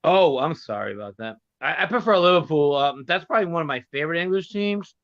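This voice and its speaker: A man chats as a guest on a casual live stream, laughing often and trying out mock accents. His voice sits a bit high and is recorded dry. The audio is dull and lo-fi. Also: animated, quick pace, no echo.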